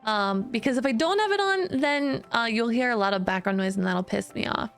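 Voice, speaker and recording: A woman's voice: a little high, expressive, brisk. Chatty woman streamer testing her mic. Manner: chatty, laughs often, tests mic aloud. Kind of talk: casual live-stream chat. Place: room with bare walls. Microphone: new studio mic, close. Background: faint background music.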